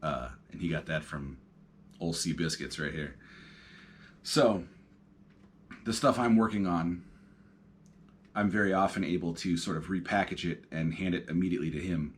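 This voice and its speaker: Lounging on his couch, this thirty-something podcast host muses solo in a loose, rambling fashion, his speech dotted with ums and uhs. He speaks low at a moderate pace, leaving long pauses.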